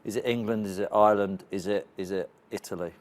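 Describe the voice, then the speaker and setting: A man interviewing a guest, asking quick, prodding questions in a casual way. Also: fairly low pitch, steady tone.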